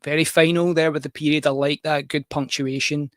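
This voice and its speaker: A man's voice: a little high, level tone, a little fast, dry recording. Scottish man, casual livestream host, rambling and self-mocking, dry close sound. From Scotland. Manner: rambling, self-deprecating, jokey.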